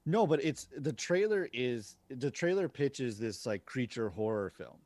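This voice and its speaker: A man's voice: medium pitch, lively intonation, a little slow, a little mellow, no room sound. Man, podcast co-host, casual movie chat, dry recording, talks in restarts. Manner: chatty, repeats words when starting sentences.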